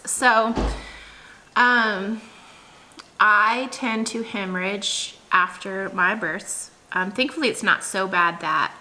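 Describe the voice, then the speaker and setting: A woman's voice: medium pitch, sharp tone, a little hiss or hum. A woman in her thirties, a vlogger, telling a story in a chatty, casual way with lots of fillers and laughs.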